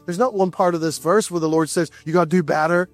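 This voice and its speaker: A man's voice: fairly high pitch, fast, faint music behind. A man preaching a sermon to a church, earnest and conversational, repeating his key phrases.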